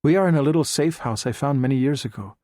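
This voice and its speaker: A man reading the part of a suave, calm middle-aged Chinese spymaster who speaks with a Spanish accent, soft and unhurried. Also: medium pitch, no room sound, studio quality, close to an everyday voice.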